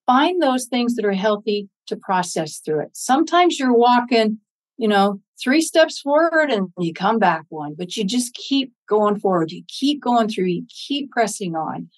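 A woman's voice: mid-range voice, sing-song, unhurried, rough recording. An older American woman, a public speaker, talking earnestly and encouragingly in an interview, acting out her own inner dialogues. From United States. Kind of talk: interview talk.

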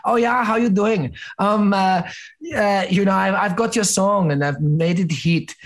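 A man's voice: sits high, fairly even intonation, unhurried, pitched above the performer's own voice. A man putting on a cheerful German club DJ with a German accent, upbeat and a little hesitant.

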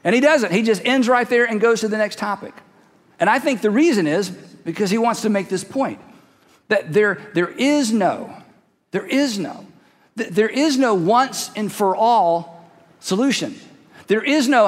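A man with a high voice delivers a sermon as a pastor. His delivery is emphatic, and he drags out key words for weight. The sound carries a long echo from a large church hall. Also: animated. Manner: emphatic, slows down to stress words.

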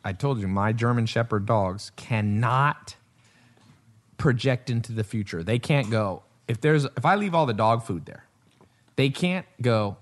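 A man's voice: medium pitch, animated, unhurried. A man hosting a podcast, chatting casually and rambling through stories, acting out the lines of people in them. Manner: rambling storyteller, acts out quotes. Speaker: podcast host. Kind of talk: casual chat.

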